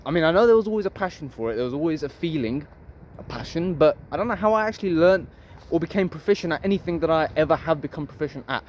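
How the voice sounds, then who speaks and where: High-voiced man musing aloud. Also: animated, fast, darkish tone, a little hiss or hum. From Harlow, Essex, England. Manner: rambling, musing, swears freely. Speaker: vlogger. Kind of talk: casual philosophical monologue.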